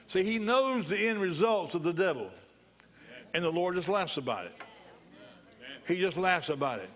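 A man's voice: fairly high pitch, animated, moderate pace, a bit bright. A male pastor preaching a sermon in church, repeating phrases for emphasis and bursting into laughter.

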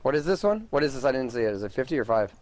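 A man's voice: mid-range voice, sing-song, racing, darkish tone. A man teasing and swearing with friends over online gaming voice chat. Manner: profane, teasing. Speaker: gamer in a raid.

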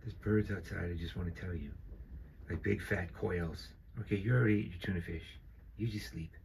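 A man's voice: sits low, fairly quick, creaky, a little mellow. Man, casual, talks to his cat, teasing, handheld camera, faint background noise. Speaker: vlogger filming his cat. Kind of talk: casual talk to a pet. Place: rural mountain home by a fire.

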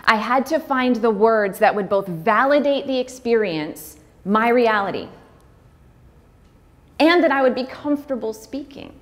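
A woman giving a personal talk, speaking candidly and heartfelt with fillers, sometimes breaking into quick, acted-out dialogue. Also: on the high side, expressive, fairly bright tone. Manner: acts out dialogue in quick bursts. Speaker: speaker on pregnancy loss.

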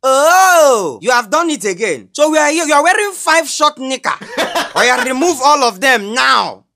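A woman's voice: high-pitched, sing-song, a little slow, full character voice. A woman playing a strict schoolteacher who scolds her class, with a Nigerian accent. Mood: scolding. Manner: scolding, shouty. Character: strict shouting female schoolteacher. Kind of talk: comedy skit acting.

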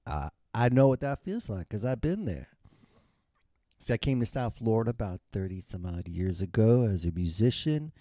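A man's voice: on the low side, very animated, moderate pace, mellow, dry recording, clean studio sound. Wry, rambling man in his fifties. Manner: rambling, wry, self-mocking. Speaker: retired musician telling his story. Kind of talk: humorous storytelling monologue.

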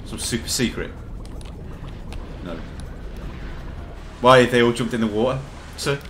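A young man co-hosting a game playthrough, chatting excitedly and swearing as he plays. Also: mid-range voice, a little slow, background noise. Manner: excitable, swears and laughs often. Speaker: gaming video co-host. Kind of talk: casual gameplay banter.

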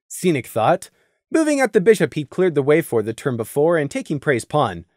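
A narrator reading a fan audiobook with expressive storytelling on a close mic. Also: medium pitch, brisk, no room sound.

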